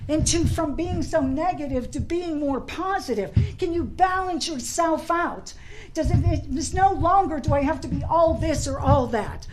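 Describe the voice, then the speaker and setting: A woman from Pittsburgh giving a personal recovery talk, animated and laughing, shouting at peaks, then soft and earnest. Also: high voice, a little hiss or hum, rough recording. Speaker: recovery meeting speaker. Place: convention hall.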